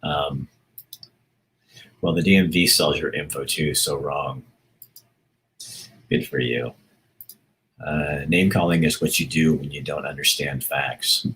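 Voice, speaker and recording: Very deep-voiced man chatting casually. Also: fairly even intonation, slow pace, long pauses, fairly bright tone. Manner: rambling and self-interrupting, with laughs. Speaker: livestream host reading viewer comments. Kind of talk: casual chat.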